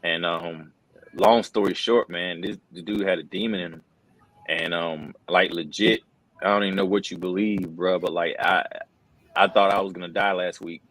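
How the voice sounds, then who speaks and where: Middle-aged male interview guest, very deep voice, earnest and casual, lots of "bro". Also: fairly even intonation, moderate pace, fairly bright tone, low-quality recording. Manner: earnest, says "bro" and "man" a lot, many restarts. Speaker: wrestling commentator, interview guest. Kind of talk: casual conversational storytelling.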